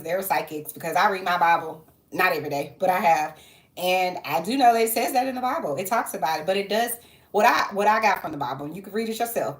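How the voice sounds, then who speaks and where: A woman's voice: on the low side, roomy sound. A woman chatting casually on her vlog in a rambling way, jumping between side stories. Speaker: social worker and vlogger. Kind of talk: casual chat.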